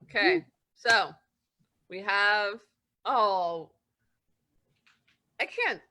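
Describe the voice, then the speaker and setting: A woman's voice: medium pitch, animated, very slow, bright, forceful tone. A woman co-hosting a casual webcast over a video call, bubbly and laughing. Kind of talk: casual chat.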